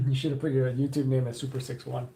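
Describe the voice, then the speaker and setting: A man's voice: mid-range voice, flat delivery, fairly quick, vocal fry, mellow. A man hosting a live stream from a room at home, chatting casually and thinking aloud while he works at a computer.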